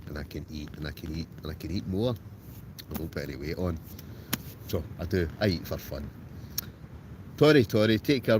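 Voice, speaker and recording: A man's voice: low voice, noisy background. A man with an Ayrshire Scottish accent, chatting casually on a livestream and answering viewers by name from a tent. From Scotland. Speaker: livestream host. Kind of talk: casual chat reading live comments. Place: tent outdoors in a storm at night.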